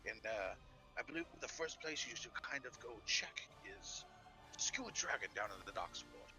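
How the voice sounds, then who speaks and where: A man's voice: mid-range voice, animated, normal speed, music in the background, natural voice, poor audio. Volo, a man playing a pompous wizard. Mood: genial. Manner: grandiose, self-admiring. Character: pompous boastful male wizard author, middle-aged.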